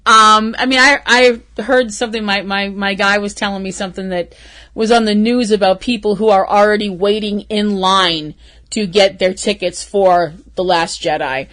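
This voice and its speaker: A woman's voice: mid-range voice, steady tone, moderate pace, fairly bright tone. A woman hosting a podcast, chatting casually and rambling, swearing freely and laughing often. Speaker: podcast host. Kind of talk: casual solo podcast chat.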